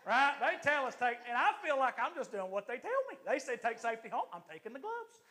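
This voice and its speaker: A man, an assistant pastor, preaching a lively, joking sermon to his church congregation. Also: extremely high pitch, a little fast.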